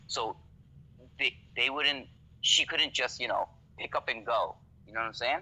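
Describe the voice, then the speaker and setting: A man's voice: mid-range voice, moderate pace, bright, forceful tone, low-quality recording. A man from Canada, a podcast guest talking casually, swearing freely and often checking "you know what I mean". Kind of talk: casual conversation.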